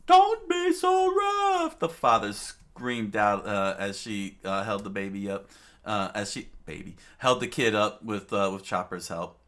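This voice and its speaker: A man narrating a manga aloud, halting and restarting often. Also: lowish voice, fairly even intonation, pushed and bright. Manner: halting, many fillers and restarts. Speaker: reader, narrator. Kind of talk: unscripted manga read-aloud.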